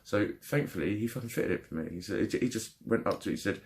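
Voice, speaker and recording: A young man with a fairly low voice rants into his camera about a bad phone call. He swears constantly, sounds fed up and exasperated, and speeds up or drags out words as his anger rises and falls. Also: fairly quick, vocal fry, hardly any pauses. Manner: angry, frustrated, heavy swearing. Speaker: vlogger. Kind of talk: ranting vlog.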